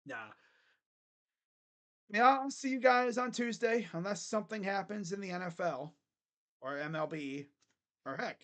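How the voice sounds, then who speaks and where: A young man hosting a casual live basketball reaction, joking bluntly and crudely with sudden loud bursts. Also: fairly high pitch. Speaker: sports channel host. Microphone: webcam setup.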